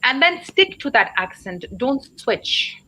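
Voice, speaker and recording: A woman's voice: high voice, big pitch swings, measured pace, pushed and bright, a little hiss or hum, poor audio. A woman teacher hosting a live online English lesson, explaining in a chatty way and checking in with her listeners.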